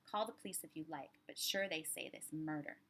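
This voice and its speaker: A woman's voice: deep voice, fairly quick, a bit bright. A woman voicing a calculating housekeeper who speaks clipped, broken English. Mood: cool.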